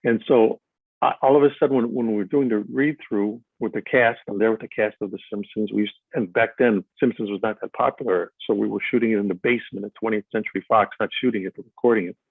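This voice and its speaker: A man's voice: lowish voice, steady tone, quick pace, gravelly, dry recording. An older man from Chicago, an actor being interviewed live, telling stories in a rambling way with many fillers and restarts. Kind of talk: live stage interview, storytelling. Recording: tinny phone-like sound.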